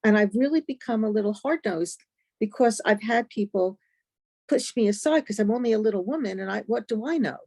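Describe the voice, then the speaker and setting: A woman on a patient panel who talks bluntly and with firm conviction. Her voice sits at a middle pitch and sounds close and dry. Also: brisk, mellow, no room sound. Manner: blunt, determined. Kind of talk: panel discussion.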